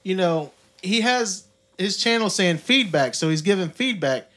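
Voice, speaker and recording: In a recording studio, a man co-hosting a podcast chats casually and animatedly, imitating the people in the stories he retells. His voice is high-pitched and he keeps a measured pace.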